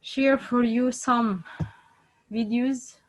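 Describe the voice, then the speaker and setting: Slow-speaking woman teaching pronunciation. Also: a little high, fairly even intonation, rough recording. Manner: hesitant, many fillers, repeats example words. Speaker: Quran tajweed teacher. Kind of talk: online pronunciation lesson.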